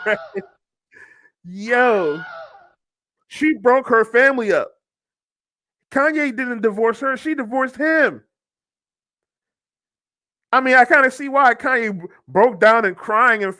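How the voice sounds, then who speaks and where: Blunt high-voiced male commentator. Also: sharp tone. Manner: blunt, mocking, laughs often. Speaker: podcast host. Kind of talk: reaction commentary.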